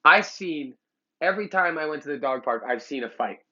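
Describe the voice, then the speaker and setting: A man's voice: a little high, lively intonation, fairly quick, bright, forceful tone, muffled recording. A man who trains dogs, lecturing bluntly to the camera in a heated, profane way. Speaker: dog trainer. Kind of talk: blunt opinionated talk to camera. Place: Los Angeles.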